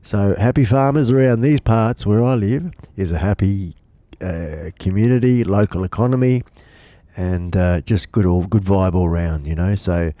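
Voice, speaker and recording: A man's voice: deep voice, normal speed, warm tone, no room sound. A middle-aged man hosting a casual live stream from his home studio, rambling and joking with many restarts, stuffed up with a cold. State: blocked up with a cold.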